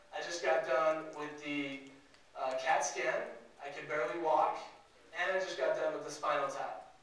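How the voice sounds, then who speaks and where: A man's voice: on the high side, a bit bright. A man in his twenties giving a motivational talk, telling a personal story and acting out the voices of people in it. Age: 20s. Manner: storytelling, acts out quoted voices. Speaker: motivational speaker. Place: conference hall. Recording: echoey hall, mic from far off.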